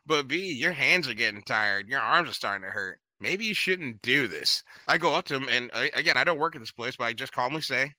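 A man's voice: mid-range voice, a little fast, few pauses, no room sound. A man co-hosting a casual chat, telling profane stories and acting out the people in them. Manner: profane, animated storyteller doing voices. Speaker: podcast co-host.

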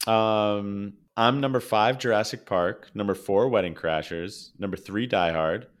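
A man's voice: fairly low pitch, unhurried. A man co-hosting a podcast, chatting eagerly and jokingly about favourite films. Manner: enthusiastic, jokey, restarts when excited. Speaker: podcast co-host. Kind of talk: casual chat.

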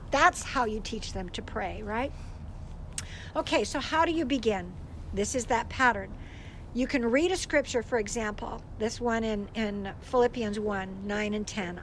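An older woman and grandmother giving a casual teaching talk about praying with children, telling stories in an animated way and laughing often. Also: on the high side, a little hiss or hum, poor audio. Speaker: Christian speaker.

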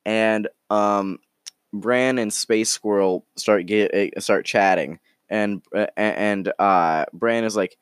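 A man rambling through an improvised story, halting and restarting often. His voice is lowish, smooth and resonant, with lively swings in pitch. The sound is close and dry. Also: no echo. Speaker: storyteller, podcast host.

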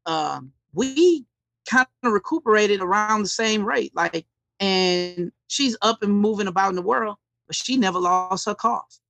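A man's voice: high-pitched, lively intonation, measured pace, gravelly, fairly bright tone, no room sound. A man co-hosting a podcast, chatting casually and joking, rambling with fillers. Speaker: podcast co-host. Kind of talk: casual chat. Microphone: podcast mic.

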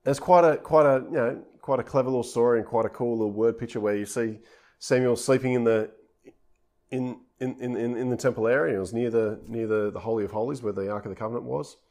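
A man's voice: medium pitch, steady tone, quick pace, a little mellow. A man preaching a conversational sermon, retelling scripture informally in everyday speech.

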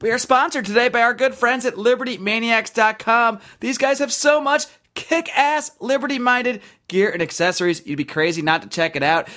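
A man's voice: sits high, fairly bright tone. A man hosting a podcast interview, reading sponsor spots with upbeat emphasis before talking with his guest. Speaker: podcast host.

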